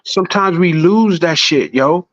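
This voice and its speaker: A man in a casual podcast chat, swearing freely and preaching with animated storytelling. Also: on the high side, measured pace, no room sound, muffled recording.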